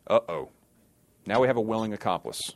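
A man's voice: on the low side, big pitch swings, brisk. A man teaching a sermon in a conversational way, often checking in with his listeners and adding sarcastic asides. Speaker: Bible teacher.

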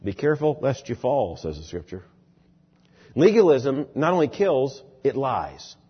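A man preaching a sermon, expressive, dropping low and soft, then rising loud and emphatic. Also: measured pace, breathy edge, muffled recording.

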